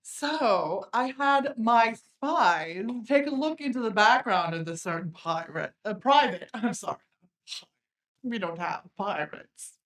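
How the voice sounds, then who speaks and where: A woman's voice: medium pitch, expressive, slow pace, a bit bright. A woman improvising a self-important, boastful military general at a live tabletop game, haughty and given to giggles. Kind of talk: live improvised character play. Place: convention stage before a live audience.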